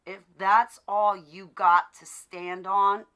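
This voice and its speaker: A woman's voice: mid-range voice, flat delivery, slow, muffled recording. A woman talking straight to the camera in a casual rant, emphatic and indignant, laughing now and then. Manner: emphatic and indignant, swings from loud to quiet; laughs between remarks. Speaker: vlogger. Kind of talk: casual ranting monologue.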